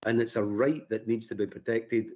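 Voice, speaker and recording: A man's voice: medium pitch, fairly even intonation, moderate pace, darkish tone, lo-fi sound. A man from Scotland with a Scottish accent, a guest on a radio interview, telling stories with plenty of fillers and dry jokes. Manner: chatty, self-deprecating storyteller with many fillers.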